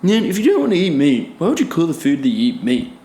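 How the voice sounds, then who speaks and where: A sneering, whiny critic of vegan food, all exaggerated scorn, as a podcast host puts him on. The voice jumps up loud and pushed back from the mic, with the echo of a roomy space around it. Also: male voice, on the high side, huge pitch swings, fast talker. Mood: mocking. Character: mocking whiny male meat-eater critic.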